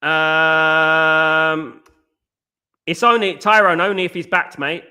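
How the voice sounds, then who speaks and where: Animated man with a bright, high voice. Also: takes it slowly, clean tone. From East London. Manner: animated, argumentative, repeats "at the end of the day"; addresses chatters by name. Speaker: podcast host reading live chat. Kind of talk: casual live-stream commentary.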